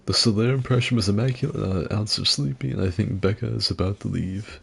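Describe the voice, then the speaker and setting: A man's voice: on the low side, fast, vocal fry, hardly any pauses, a bit bright, breathy edge. A man streaming a video game, chatting casually in a blunt, joking, profane way. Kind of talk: casual gameplay commentary.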